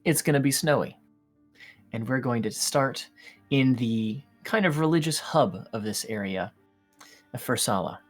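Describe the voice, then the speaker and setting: A guest game master introducing a tabletop one-shot and setting the scene in a measured way. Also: medium pitch, soft background music.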